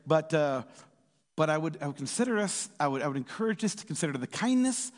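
Man, pastor, casual sermon, animated, acts out quotes, slightly high voice, long hall reverb. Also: fast.

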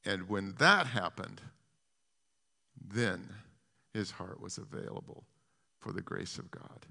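Gravelly impassioned male preacher. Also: sits low, animated, slow pace, long pauses, in a large hall. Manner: impassioned, swings from hushed to loud emphatic peaks; repetitive, restarting phrases. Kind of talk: sermon.

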